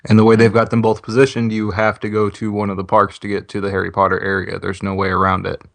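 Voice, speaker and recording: Low-voiced laid-back male co-host. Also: monotone, fast talker, creaky, dry recording. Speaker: podcast co-host. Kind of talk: casual podcast chat.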